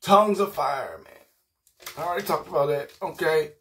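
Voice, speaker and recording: A man preaching, rowdy and emphatic in an informal video sermon. His voice sits a little high for a man. He keeps coming back to "man" and to promises that he means it. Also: moderate pace, a bit bright.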